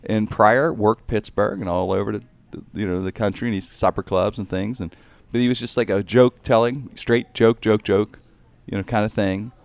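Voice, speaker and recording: Low-voiced, rambling comedian. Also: male voice, steady tone, normal speed, creaky, hardly any pauses, no room sound. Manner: rambling, reflective, says "man" often. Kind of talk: casual interview chat.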